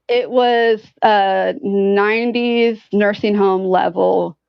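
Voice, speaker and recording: A woman guest telling a story in casual chat, animated and profane, filling her talk with "like". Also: mid-range voice, takes it slowly, creaky, clean tone, no room sound, muffled recording. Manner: animated, profane, heavy use of "like".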